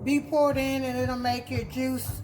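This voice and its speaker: A woman's voice: sits high, little pitch movement, measured pace, a little mellow, low-quality recording. A woman from Texas, chatting her way through a home cooking demonstration in a kitchen. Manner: chatty, homey, repeats words while explaining. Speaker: cooking vlogger.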